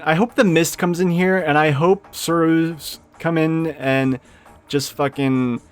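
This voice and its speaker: Gravelly man ranting over a game. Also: fairly high pitch. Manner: profane, quick to rant at game characters. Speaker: let's play gamer. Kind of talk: casual gameplay commentary. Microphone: desk microphone.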